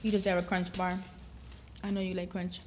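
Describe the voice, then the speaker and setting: Woman, warm mellow tone, short supportive replies. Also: fairly low pitch, completely flat delivery, a little fast. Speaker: co-host, family member. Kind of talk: casual family chat.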